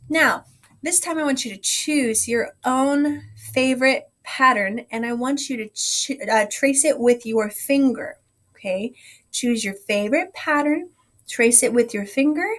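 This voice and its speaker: Gentle woman coaching vocal warm-ups. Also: on the high side, unhurried. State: slightly scratchy voice. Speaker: music teacher.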